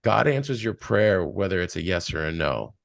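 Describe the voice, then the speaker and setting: A man's voice: sits low, lively intonation, moderate pace, creaky, no echo, studio quality. A man speaking as a podcast guest, giving earnest spiritual life advice in a rambling, storytelling way. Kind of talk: casual spiritual advice chat.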